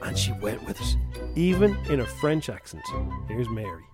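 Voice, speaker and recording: An Irish man on a radio show, chatting fast and playing a fussy casting agent in a prank call. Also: a little high, sing-song, loud music behind the voice.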